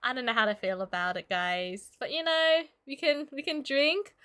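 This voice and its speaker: A woman's voice: high voice, lively intonation, moderate pace, fairly bright tone. A woman streamer chatting casually with her audience while drawing, giggly and full of filler words, sick and coughing now and then. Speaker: streamer and illustrator.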